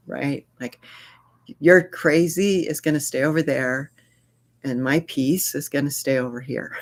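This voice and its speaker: A man's voice: a little high, unhurried. A man leading a workplace training session, speaking earnestly and acting out sample dialogues. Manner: earnest, repeats key phrases, acts out sample dialogues. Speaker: workshop facilitator.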